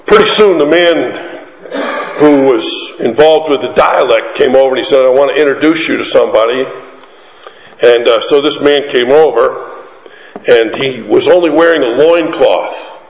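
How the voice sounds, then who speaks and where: A man preaching a sermon, telling a mission story with animated, emphatic delivery that climbs to high peaks. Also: a little hiss or hum. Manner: animated, rising to emphatic peaks, drawn-out lines. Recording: echoey hall, muffled sound.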